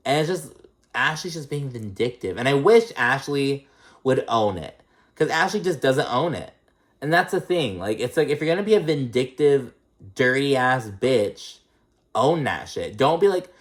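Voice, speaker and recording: A man's voice: medium pitch, lively intonation, a little slow. A man casually recapping a reality show episode, blunt and profane, with lots of fillers and strong opinions.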